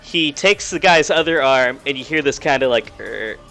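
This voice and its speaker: A young man narrating as game master of a tabletop game, casual and halting with lots of fillers. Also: a little high, bright, forceful tone, a little hiss or hum.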